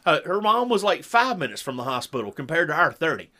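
A middle-aged man telling a long story in casual chat, animated and acting out what people said. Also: on the high side, fast talker. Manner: animated storyteller who acts out quotes. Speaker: podcast co-host.

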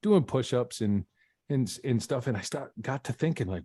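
A man's voice: mid-range voice, expressive, moderate pace, mellow, slightly rough, dry recording, studio quality. A man, a podcast guest, telling a personal story in an interview, earnest and often restarting his sentences. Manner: earnest, frequent false starts and repeats.

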